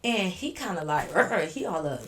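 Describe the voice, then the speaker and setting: A woman vlogger telling a storytime to her viewers in an animated, laughing way, acting out what people said. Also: lowish voice, measured pace, a little hiss or hum. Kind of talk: storytime narration.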